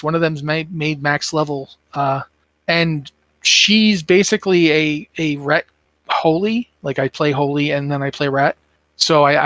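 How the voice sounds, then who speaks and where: A man's voice: a little high, fairly bright tone, no room sound. A tired man co-hosting a casual gaming podcast, rambling and thinking aloud with plenty of fillers. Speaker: podcast co-host.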